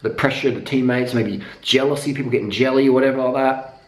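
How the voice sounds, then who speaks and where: A man's voice: mid-range voice, fairly even intonation, fast. A man delivering a profane, rambling cycling rant with emphatic repetition. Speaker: cycling vlogger. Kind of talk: unscripted monologue rant. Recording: echoey room.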